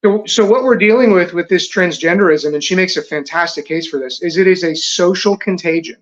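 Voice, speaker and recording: A man guest on a podcast, explaining his views in a measured, earnest way. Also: sits high, highs cut off. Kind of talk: casual chat.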